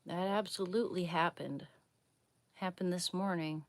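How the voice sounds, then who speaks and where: A young woman chatting casually on a livestream while doing a face mask, wry and low-key. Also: fairly even intonation, moderate pace, no echo.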